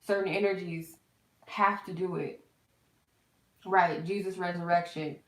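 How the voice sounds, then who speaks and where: Candid tarot reader, low echoey voice. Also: female voice, steady tone, measured pace. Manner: candid, swearing, loose storytelling. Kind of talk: casual spiritual storytime. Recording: echoey room.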